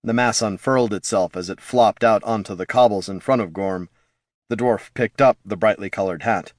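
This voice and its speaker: A man narrating a fantasy story in a steady, storytelling delivery. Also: fairly low pitch, moderate pace, no room sound, studio quality.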